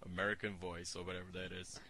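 A man's voice: low voice, flat delivery, fast, crowd noise. A man guesting on a gaming podcast, chatting casually and reading a listener's story aloud in a dry, matter-of-fact way. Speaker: guest co-host.

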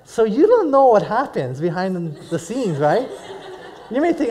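A man's voice: high voice, big pitch swings, brisk, darkish tone. A middle-aged male pastor preaching to a live congregation, telling stories animatedly and asking "right?" and "amen?" often. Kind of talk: sermon.

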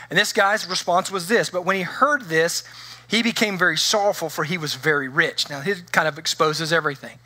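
A man's voice: sits high, quick pace, bright, forceful tone, dry recording. A man preaching a conversational sermon as pastor, often acting out the voices of the people he quotes.

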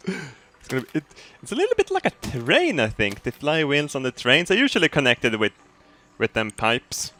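A man giving excitable gameplay commentary, laughing often and swearing freely as he builds. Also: on the high side, normal speed, slight background noise. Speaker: gamer.

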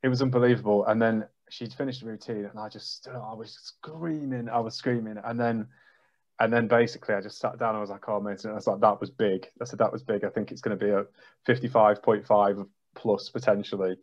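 A man's voice: lowish voice, flat delivery, fast talker. A man, a trampoline coach, telling an emotional story on a video call and acting out his own reactions. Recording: dull lo-fi video call audio.

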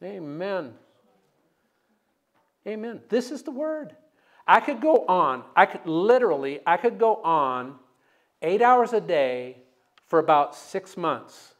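High-voiced preacher leading call-and-response. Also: male voice, big pitch swings, takes it slowly, pauses often, dull audio. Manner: storytelling, call-and-response with congregation. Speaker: guest preacher. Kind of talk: sermon. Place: church sanctuary.

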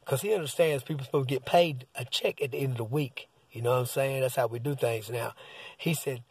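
A man's voice: medium pitch, brisk, slightly rough, no room sound. A man, rambling and swearing casually as he tells a story about his son. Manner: rambling, profane, keeps saying "man". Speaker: father telling a story.

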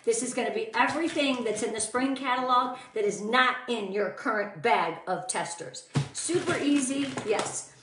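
Chatty upbeat woman, team trainer, fairly high voice, roomy echo, a bit off-mic. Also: moderate pace, a bit bright, far from the mic, a little hiss or hum. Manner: bubbly and chatty, greets viewers by name. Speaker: team leader of sales consultants. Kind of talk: casual live-stream training. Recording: echoey room, voice off-mic.

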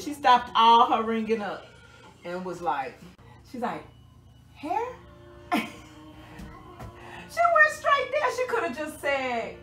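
Woman, animated sarcastic storyteller, recorded from across an echoey room with faint music. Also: fairly high pitch. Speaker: vlogger. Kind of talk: casual storytelling to a friend. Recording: roomy, distant mic.

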